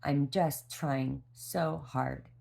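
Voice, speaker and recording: A woman's voice: extremely low pitch, steady tone, drawn-out words, creaky, a little mellow. A worn-out woman, a mother, telling a personal story in a candid vlog. She rambles in a heartfelt way, with restarts and fillers. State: exhausted. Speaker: mother sharing a parenting story.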